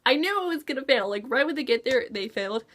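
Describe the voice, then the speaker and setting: High, bouncy gushing woman reviewer. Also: fast. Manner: gushing, excitable, acts out her own reactions. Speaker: book reviewer. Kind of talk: casual chat.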